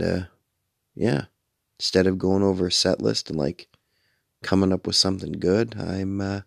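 Deep, gravelly, tired male radio host. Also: no echo, studio quality. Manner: tired, meandering, swears casually. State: sleepy, yawning. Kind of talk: late-night rambling radio monologue.

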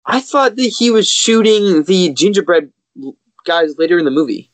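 A young man on a podcast, chatting casually about a movie with quick asides. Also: high voice, expressive, dry recording. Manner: chatty, quick asides, laughs at plot holes. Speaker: podcast co-host. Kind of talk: casual movie review chat.

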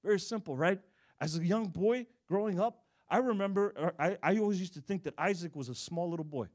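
A middle-aged male preacher delivers a sermon with a slightly high voice. He is animated, rising into loud bursts and dropping to near-hushed tones, and he slips into voices for the characters he describes. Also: brisk. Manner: animated, dramatic swings in volume, acts out quoted voices.

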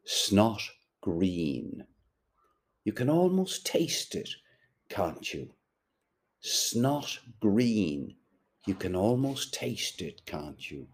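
A man's voice: on the low side, sing-song, very slow, pauses often, breathy edge, voice pushed up, full character voice. A man reading aloud as a brash, swaggering young man who mocks his friend. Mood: mocking.

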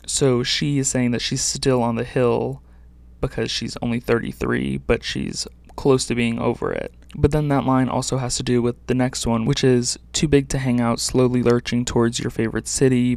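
Chatty man with a gravelly voice. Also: medium pitch, darkish tone, no echo. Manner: chatty, uses "like" often. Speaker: podcast host. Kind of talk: solo music podcast commentary.

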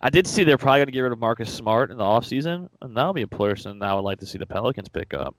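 A man's voice: mid-range voice, animated, very fast, no room sound. A man hosting a casual sports podcast, talking in a rambling way with plenty of fillers. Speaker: podcast host.

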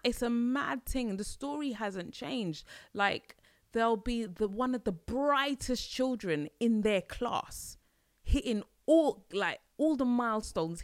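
A woman's voice: a little high, no echo, studio quality. A young woman talking casually on her own podcast, exasperated and slangy, laughing often. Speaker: podcast host. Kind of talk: casual solo podcast monologue.

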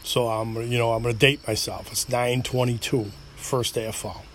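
A middle-aged man with an upstate New York accent hosts a loose, rambling solo podcast, swearing and poking fun at himself while a bit tipsy from a few drinks. His mid-range voice is fairly bright, delivered flatly at a moderate pace, with a little hiss or hum in the background.

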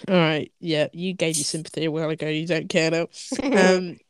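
Rambling young woman, lowish voice. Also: fairly even intonation, brisk, smooth, no echo. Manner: rambling, restarting, full of "like" fillers and laughs. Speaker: podcast co-host. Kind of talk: casual chat.

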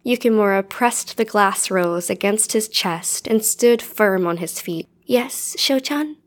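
A woman's voice: mid-range voice, measured pace. A woman podcast co-host reading fan fiction aloud in a cheerful way. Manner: cheerful, giggly.

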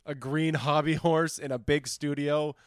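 A man's voice: fairly high pitch, unhurried, smooth, dry recording, clean studio sound. A man co-hosting a podcast in casual chat, rambling and swearing as he riffs. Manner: rambling, swearing, animated riffing. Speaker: podcast co-host.

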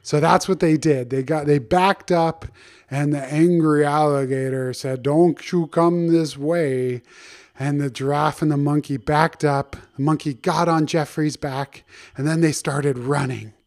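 Man storyteller, slightly high voice, lively, talks to kids, made-up bedtime tale. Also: measured pace. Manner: animated, speaks directly to children with questions. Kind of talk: improvised children's story.

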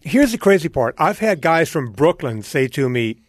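A man's voice: a little high, normal speed, dry recording, clean studio sound. A man from Louisiana telling stories on a podcast as a guest. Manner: storytelling, animated anecdotes. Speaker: guest, fitness trainer. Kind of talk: casual podcast chat.

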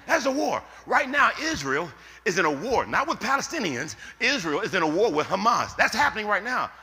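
A man preaching a sermon as pastor, swinging from loud outbursts to hushed, slowed lines. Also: a little high, vocal fry. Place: church sanctuary. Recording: echoey hall.

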